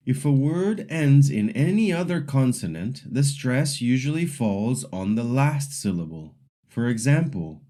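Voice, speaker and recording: A man narrates a scripted language lesson in a patient, instructional way. His pace is unhurried, and he pauses to model each example word. His voice is mellow, with a pitch that rises and falls lively across phrases. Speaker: language teacher.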